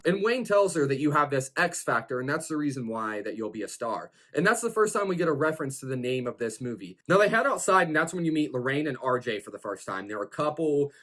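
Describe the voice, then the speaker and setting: A man's voice: medium pitch, sing-song, fast, few pauses, fairly bright tone. A man hosting a horror film review, recapping the plot in a casual, rambling way full of fillers like "like" and "you know".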